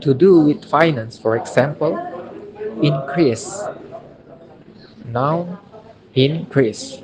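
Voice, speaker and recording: On a low-quality recording, a young man, a university student from Indonesia, reads out a recorded phonology lesson. His voice is on the high side, and he pronounces each example word carefully two or three times.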